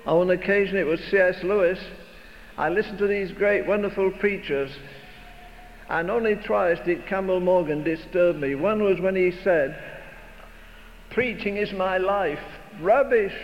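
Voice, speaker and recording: An older man preaching a sermon with emphatic, rhetorical, repeated phrases. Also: sits high. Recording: dull recording in a reverberant hall, faint noise.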